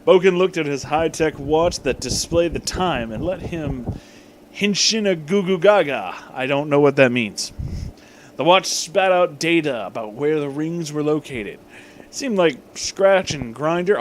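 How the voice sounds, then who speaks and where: A man's voice: fairly high pitch, a little hiss or hum. A young man comically reading a story aloud, swearing freely and breaking off for joking asides. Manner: irreverent, swearing, frequently breaking off to joke. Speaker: fan-fiction reader.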